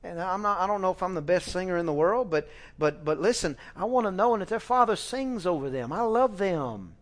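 A middle-aged man preaching a sermon in a folksy, animated way, with fillers and restarts, sometimes acting out family conversations. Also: high voice. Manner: acts out family dialogue with shifting voices. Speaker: pastor.

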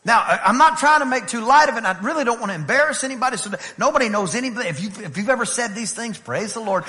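High, bright-voiced preaching man. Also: animated, rapid-fire, few pauses, in a large hall. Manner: builds from conversational to shouting, fervent. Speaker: pastor. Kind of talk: sermon. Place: church.

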